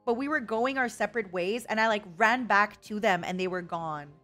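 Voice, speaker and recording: A woman's voice: medium pitch, normal speed, fairly bright tone. A young woman streaming a casual chat, dramatic and emotional, laughing often, with faint music behind.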